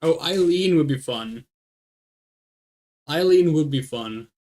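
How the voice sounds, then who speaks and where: Her voice sits low and mellow, expressive yet unhurried, as she streams a game and chats with viewers. She thinks out loud while selecting options, rambles a bit, and says "we" when she means herself.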